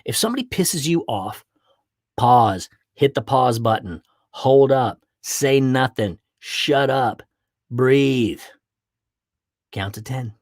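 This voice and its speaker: An animated man delivers a motivational talk in a mid-pitched voice. He breaks into playful acted voices to make his points. The sound is close and dry, with no room echo. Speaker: podcast host.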